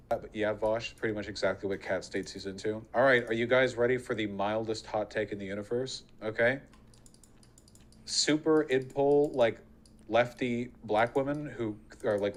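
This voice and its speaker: A man's voice: lowish voice, steady tone. A man talking casually on a stream, rattling off opinions in a rush and hedging with frequent fillers. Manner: rapid, hedging with 'like'. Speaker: streamer in a played clip.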